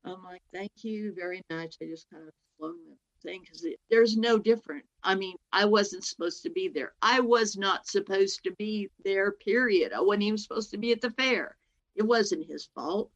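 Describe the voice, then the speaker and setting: A woman telling a personal story as a guest, animated, acting out what other people said, with many fillers. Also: mid-range voice, normal speed, highs cut off. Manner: animated, acts out other people's words in quotes; rambling, with many fillers and "anyway".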